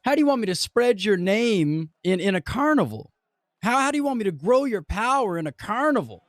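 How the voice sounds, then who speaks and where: Give me a man as a sulky frustrated adventurer, a bit high and lively. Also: a little fast, no echo, studio quality. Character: grumpy young adventurer lost in the future.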